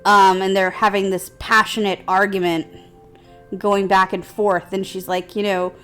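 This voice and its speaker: A woman's voice: medium pitch, level tone, measured pace, a bit bright, clear, resonant tone, soft background music. A woman co-hosting a casual gaming chat, rambling through a story and laughing often. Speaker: let's play co-host.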